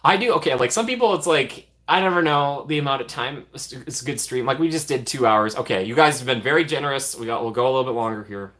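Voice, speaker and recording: Bright-voiced man thanking livestream donors. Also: mid-range voice. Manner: grateful, reads out donations with quick repeated thanks and laughs. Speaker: livestream host. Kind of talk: casual livestream chat.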